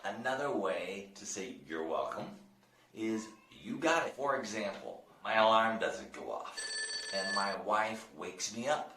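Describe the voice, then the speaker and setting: Slow, lively American man teaching English. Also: on the low side, a little hiss or hum. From United States. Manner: slow, drawn-out modeling of phrases for learners. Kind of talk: language lesson. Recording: roomy echo.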